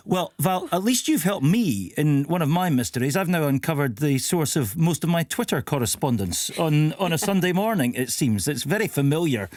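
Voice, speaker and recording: A man's voice: a little high, very animated, moderate pace, hardly any pauses, a little mellow, no echo. A man presenting live morning radio, joking wryly and reading listener messages aloud on a studio microphone.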